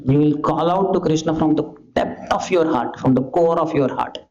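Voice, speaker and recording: A man giving a scripture lecture, animated, asking rhetorical questions and acting out calls and pleas. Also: a little high, moderate pace. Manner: animated, rhetorical questions, acts out shouting and pleading. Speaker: preacher giving a scripture class. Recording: dull lo-fi lecture recording.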